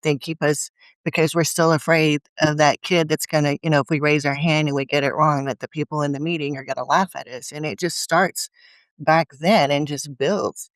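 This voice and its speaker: A woman's voice: deep voice, steady tone, moderate pace, dry recording. A woman guest in a conversational interview, telling earnest stories and acting out her own inner voice. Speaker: guest speaker.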